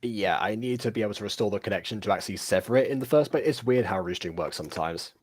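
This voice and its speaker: A man's voice: lowish voice, fast, a little mellow. A man hosting a livestream, wrapping it up in a matter-of-fact, slightly hesitant way. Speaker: host of the channel. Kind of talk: casual stream outro.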